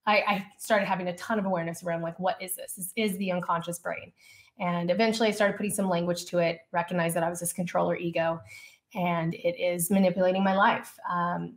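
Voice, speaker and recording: A woman guest on a podcast, telling a personal story in a casual, lively way, full of "like" and "you know.". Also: lowish voice. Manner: lively personal storytelling, acts out her own past dialogue; casual, frequent fillers such as "like" and "you know". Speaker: podcast guest, leadership coach.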